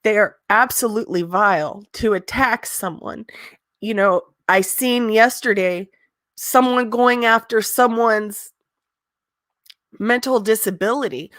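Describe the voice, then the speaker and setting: A woman's voice: medium pitch, a little slow, a bit bright, dry recording, studio quality. Blunt ranting woman host. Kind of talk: casual live-stream chat.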